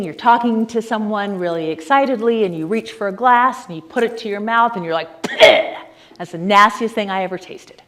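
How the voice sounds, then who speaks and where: A woman giving a conference lecture, explaining ideas in a lively, conversational way with frequent fillers and asides to the audience. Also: medium pitch. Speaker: conference speaker.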